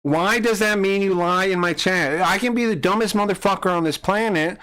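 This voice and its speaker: A man's voice: sits high, moderate pace, bright, forceful tone. Angry swearing streamer man. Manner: angry, profane, accusatory ranting. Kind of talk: heated live-stream argument with chat.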